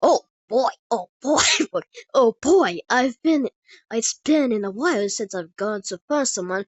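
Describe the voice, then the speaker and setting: A woman's voice: on the high side, a little slow, dry recording. Woman putting on a giggling psychopathic fighter. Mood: gleeful. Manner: excited, giggling. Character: gleeful psychopathic male fighter. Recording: dull dry lo-fi recording.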